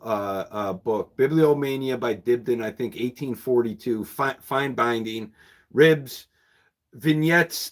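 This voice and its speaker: On a livestream, the man behind a used bookshop makes casual, meandering conversation with viewers, chuckling often in his mid-range voice.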